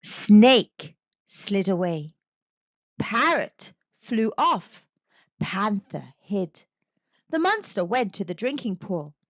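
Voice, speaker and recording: A woman storyteller reading a children's picture book aloud in a slow, very expressive way. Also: mid-range voice, no room sound, dull audio.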